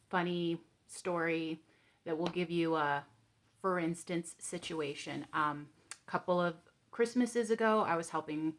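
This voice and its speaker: Woman vlogger, lowish voice, gentle, candid storytelling into a calm guided exercise. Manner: candid and gentle, with frequent ums. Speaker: vlogger sharing coping tips.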